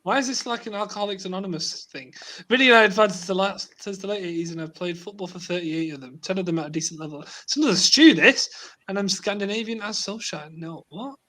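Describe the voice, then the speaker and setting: A man's voice: high voice, a little fast, bright, forceful tone. A man in his forties co-hosting a casual fan stream chat, joking around. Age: 40s. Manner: jokey, chatty. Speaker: co-host.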